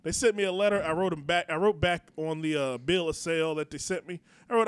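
A man co-hosts a comedy podcast, his voice sitting notably high. He rambles through stories, swears freely and makes fun of himself. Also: lively intonation, quick pace, few pauses, a bit bright. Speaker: podcast co-host. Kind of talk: casual comedy chat.

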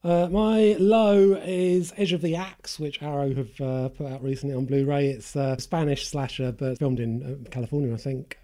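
A man, co-hosting a casual film podcast, relaxed and quick to laugh. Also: fairly high pitch. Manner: relaxed, laughs easily, swears. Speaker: podcast co-host. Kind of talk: casual chat.

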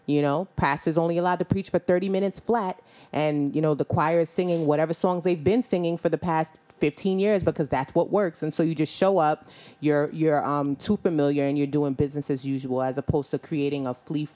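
A woman co-hosting a faith-based podcast conversation, unhurried and full of "um" pauses, calling people honey and babe. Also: low voice, warm tone. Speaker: podcast co-host.

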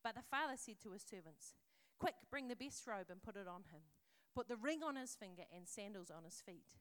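A woman's voice: medium pitch, lively intonation, a little fast, a bit bright. A woman preaching a sermon, earnest and conversational, reading scripture aloud in a storytelling voice.

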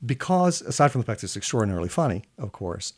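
Male scholar guest, middle pitch, chatty explainer who slips into slow drawn-out verse reading. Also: sing-song, breathy edge. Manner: reads Middle English verse slowly with long held vowels. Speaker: literature professor guest. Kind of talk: animated explanatory chat with recitation.

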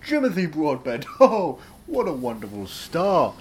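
A man's voice: fairly high pitch, wildly swooping pitch, unhurried, slight background noise, voice pushed up. A man voicing a pompous, self-important male actor who talks in a grand, theatrical way and laughs at himself.

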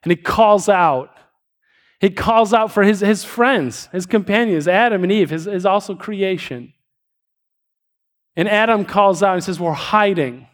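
A man preaching a sermon, telling a story with many restarts and slowing down for emphasis. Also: high voice. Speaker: pastor.

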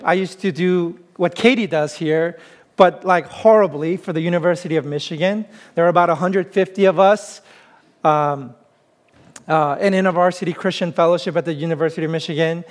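Conversational man preaching a sermon. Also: high voice. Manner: conversational preaching with frequent "uh" fillers. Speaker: pastor.

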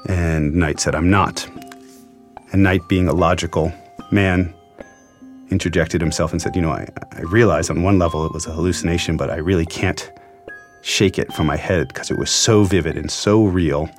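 Low-voiced man recounting a story. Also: fairly even intonation, moderate pace, faint music behind. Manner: earnest, reflective, emotional retelling. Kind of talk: storytelling interview.

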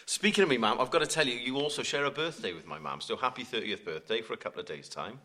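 A man's voice: mid-range voice, fast talker, pushed and bright. A man co-hosting a podcast, giddy and laughing often. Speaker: podcast co-host. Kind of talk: casual podcast chat.

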